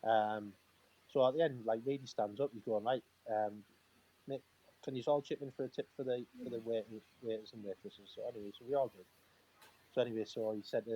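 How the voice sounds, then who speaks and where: A man tells lively stories over a video call. He keeps the delivery animated, acts out other people's lines as he goes, and laughs often. His pitch sits in a middle range. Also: quick pace, slightly rough, dull audio. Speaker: former professional footballer, guest. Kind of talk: casual storytelling.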